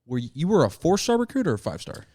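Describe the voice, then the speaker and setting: A man hosting a casual interview, asking quick, curious questions. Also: fairly high pitch, wildly swooping pitch, dark tone, no echo. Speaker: podcast host.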